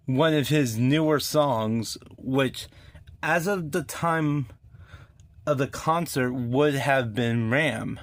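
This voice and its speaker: Man rambling his opinions on music, real slow, filler words everywhere, dry room. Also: medium pitch, no room sound. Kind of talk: casual opinion vlog.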